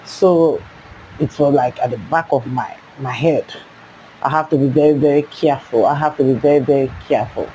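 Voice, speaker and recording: A young woman with a Nigerian accent tells a personal story in a casual, lively way. Her voice jumps up high when she acts out her younger self. Faint background noise sits behind her. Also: normal speed, low-quality recording.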